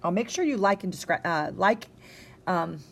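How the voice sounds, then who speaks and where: A tired young woman teacher talks through a recorded science lecture in a casual, chatty way. Her voice sits a little low, and she keeps checking in with her listeners. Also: animated, normal speed, vocal fry. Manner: casual, conversational, with many ums and rhetorical "okay?". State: tired, yawning.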